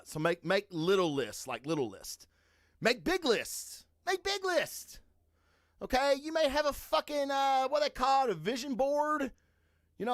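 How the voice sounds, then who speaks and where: A man's voice: sits high, fairly bright tone, no room sound, clean studio sound. A man hosting a podcast who delivers a profane, emphatic motivational rant and keeps checking in with "okay?" after his points. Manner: asks "okay?" and "all right?" after points. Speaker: podcast host.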